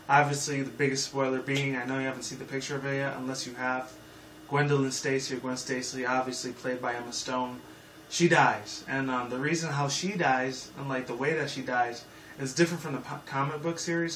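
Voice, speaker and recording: A man's voice: medium pitch, a bit bright. A man in his twenties giving a rambling, profane, casual movie review full of fillers. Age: 20s. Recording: echoey room, mic far off, faint noise.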